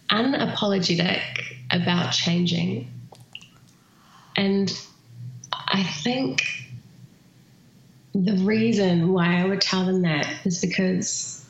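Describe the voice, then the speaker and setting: A woman's voice: mid-range voice, slow, long pauses, very echoey, highs cut off, a little hiss or hum. A woman speaking as an interview guest, earnest and thoughtful, with many fillers. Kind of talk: reflective conversational interview.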